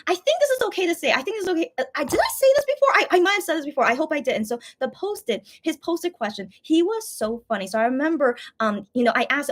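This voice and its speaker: An excitable woman tells a rambling fan story in casual livestream chat. Her voice sits a little high, and the words tumble out quickly between "um" and "like" and many restarts. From USA. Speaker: channel host.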